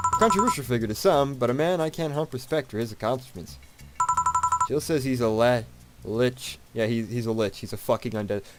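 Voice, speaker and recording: A man casually commenting on a visual novel as he plays, rambling and swearing freely. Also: mid-range voice. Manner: animated, rambling, profane. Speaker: let's play host. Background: game music.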